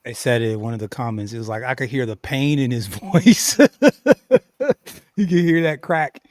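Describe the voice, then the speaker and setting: Streamer type: man mid-pitch, laughs a lot, mutters asides, dry close sound. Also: moderate pace, no echo. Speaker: streamer reacting to clips. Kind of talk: casual reaction commentary.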